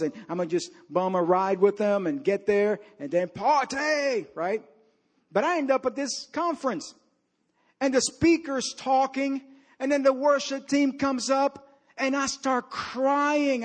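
A man preaching a sermon, telling personal stories and swinging between loud emphatic lines and low, quiet passages. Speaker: pastor.

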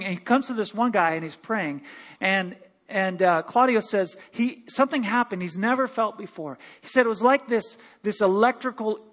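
Male pastor, high voice, animated sermon delivery, long hall reverb. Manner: animated preaching with laughs and quoted voices. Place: church sanctuary.

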